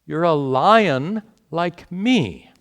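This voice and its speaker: A man voicing a calm, wise grown lion who patiently reassures another, in a slow storytelling lecture. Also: on the high side, big-room sound, pitched above the performer's own voice, full character voice. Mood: reassuring. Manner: patient, reassuring, matter-of-fact.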